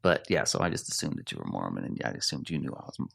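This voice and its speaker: A middle-aged man from Arizona, a rock singer, telling animated stories in a casual interview and laughing often. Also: very deep voice, rapid-fire, vocal fry, slightly rough.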